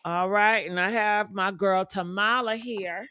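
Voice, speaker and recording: A woman with a hoarse voice hosting a casual live stream, talking straight to her viewers. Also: medium pitch, fairly even intonation, a little slow, bright, forceful tone, no room sound, studio quality. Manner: chatty, addresses viewers directly.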